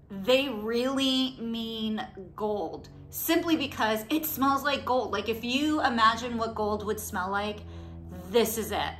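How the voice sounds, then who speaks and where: A woman beauty vlogger chatting casually about products she loves, gushing and excitable with a rambling flow. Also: fairly high pitch. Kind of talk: casual product review chat.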